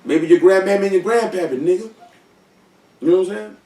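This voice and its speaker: A man leading a casual Bible study, teaching scripture with slangy, animated, joking asides, recorded at a distance in an echoey room. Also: sits high, fairly quick.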